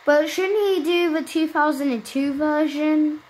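A woman chatting excitedly to her viewers while she plays a video game. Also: high voice, unhurried, low-quality recording. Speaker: gaming channel host. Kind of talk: casual gameplay commentary.

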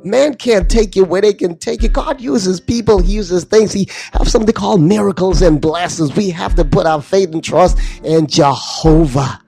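A middle-aged man from Anguilla hosts a devotional radio talk from a studio mic, his voice pitched high with a gravelly, fry-laden edge. He preaches with feeling, drifting now and then into sing-song phrases over faint music. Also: normal speed, few pauses, dark tone. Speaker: radio DJ and host. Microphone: studio microphone at a mixing desk.

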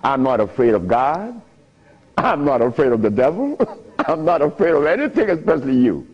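A man's voice: on the high side, very animated, normal speed, slightly rough. A man lecturing an audience, telling stories in an emphatic, teasing way, on a dull lo-fi recording. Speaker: speaker addressing an audience. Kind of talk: lecture with storytelling.

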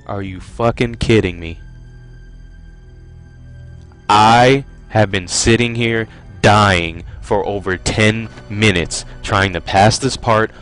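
A man's voice: fairly low pitch, unhurried, hardly any pauses, soft background music. A man giving profane, frustrated let's play commentary while playing a game. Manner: profane, ranting, loudly frustrated.

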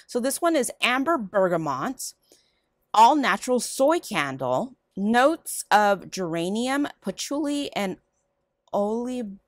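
Haul vlogger, woman, rambling casual delivery, very lively pitch, dry close sound. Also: unhurried, no echo. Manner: rambling, chatty, lively ups and downs. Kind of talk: casual chatty haul video. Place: home room.

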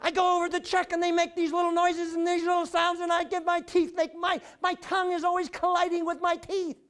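High-pitched shouting preacher man. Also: a little fast. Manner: animated, shouts with repeated phrases and "huh?". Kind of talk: sermon.

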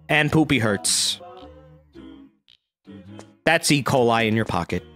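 A lively game streamer whose pitch swings widely as they joke and react. They read dialogue aloud and curse casually. Faint game music plays behind the voice. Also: takes it slowly, pauses often. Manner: lively, joking, reads game dialogue aloud, swears freely. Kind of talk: casual let's-play commentary.

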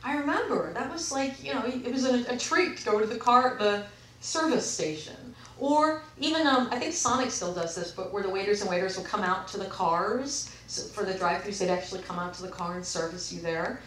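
A woman talks through a relaxed vlog and reads passages aloud, wandering off and correcting herself as she goes. Her voice sits in the middle of the range and sounds a bit distant from the mic. The room is echoey, with a faint hiss of background noise. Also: mid-range voice, a little fast. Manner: rambling, with frequent self-corrections. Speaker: vlogger. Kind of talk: casual monologue, reading aloud from books.

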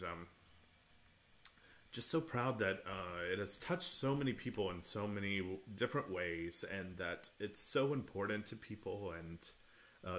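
Low-voiced, bright, earnest man. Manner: emotional, earnest and grateful, rambling with many fillers. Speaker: cast member giving film commentary. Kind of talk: casual commentary chat.

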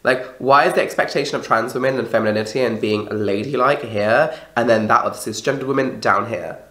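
A young woman ranting casually to camera, exasperated and swearing often, her voice rough from being ill. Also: very deep voice, a little fast, a bit bright. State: sounding ill. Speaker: vlogger. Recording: echoey room.

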